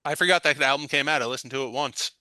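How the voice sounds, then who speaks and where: A man's voice: mid-range voice, quick pace, sharp tone, clean tone, no room sound, rough recording. A man from Long Island, a podcast guest, talking in a laid-back, slightly dry way. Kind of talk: casual chat.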